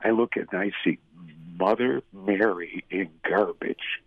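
A man's voice: low-pitched, steady tone, a little slow, no echo. A man earnestly and emotionally telling his personal story as a guest. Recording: tinny phone-like sound.

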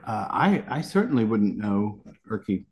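Measured low-voiced game master. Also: male voice, big pitch swings, darkish tone. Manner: measured, with many uh and um.

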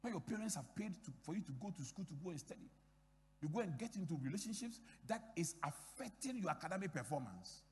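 Emphatic pastor in an echoing hall. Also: male voice, high-pitched, big pitch swings, fast. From Ghana. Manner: emphatic preaching with repeated phrases and acted-out dialogue. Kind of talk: sermon.

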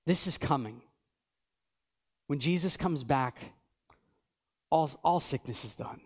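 High-voiced earnest male pastor preaching. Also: slow pace. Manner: earnest, builds to fervent peaks then drops quiet; reads scripture aloud with emphasis. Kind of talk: sermon.

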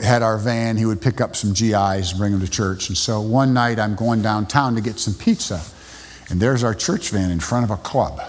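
A man preaches in a mid-pitched voice, retelling stories in a halting way with frequent restarts. His voice carries a long reverb, as in a church sanctuary. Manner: halting storytelling with many restarts. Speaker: pastor. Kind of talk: sermon. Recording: long reverb in a large hall.

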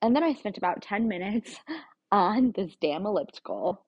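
A woman talks through a candid, confessional monologue in a frank, plain-spoken way, dropping the occasional swear word. Her voice is husky and a little breathy, sitting at an ordinary middle pitch. The recording sounds dull and lo-fi. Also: expressive, normal speed, a little mellow.

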